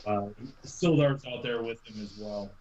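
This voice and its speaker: A man narrating a tabletop game as game master, halting, with many ums and restarts. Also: lowish voice, a little mellow, reverberant, highs cut off, slight background noise.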